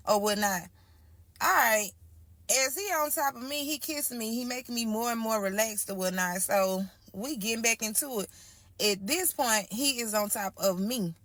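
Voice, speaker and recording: A young woman telling a personal story in casual storytime style, acting out the quoted voices with sudden high cries and calling her listeners y'all. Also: normal speed, fairly bright tone, no room sound.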